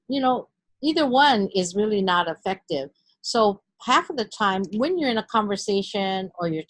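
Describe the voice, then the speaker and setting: A middle-aged woman instructor talking through a recorded lesson in a clear, deliberate teaching manner. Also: mid-range voice, dry recording.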